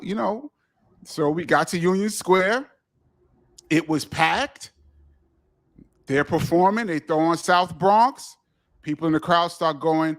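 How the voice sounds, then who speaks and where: A man's voice: on the high side, measured pace, long pauses. A middle-aged man, a guest telling stories in a casual interview and acting out the dialogue. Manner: animated, acts out quoted dialogue. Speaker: guest, DJ and author.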